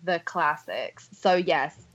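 A woman's voice: low-pitched, lively intonation, takes it slowly, a bit bright. A British woman chatting as a podcast guest, bubbly and full of "like.". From England. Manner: bubbly, fillers like "like". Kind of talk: casual chat.

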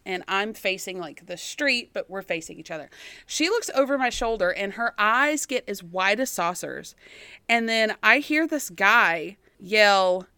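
Thirties woman co-host, high pitched, animated, dry recording. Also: dry recording. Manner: animated, laughs often. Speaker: podcast co-host. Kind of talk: casual chat, anecdote.

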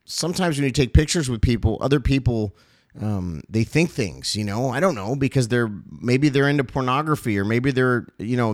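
A man's voice: medium pitch, dry recording, clean studio sound. A male pastor giving a heartfelt address to his ministry's supporters, earnest and emotional, often repeating phrases and using fillers.

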